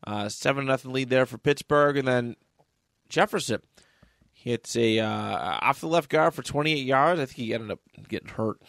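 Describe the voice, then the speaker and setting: A man's voice: mid-range voice, normal speed, vocal fry, fairly bright tone, no echo, clean studio sound. Laid-back man reading football scores. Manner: reads off game scores with jokey asides. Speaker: podcast co-host. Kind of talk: casual sports chat. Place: small dry home studio. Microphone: desk mic in a home studio.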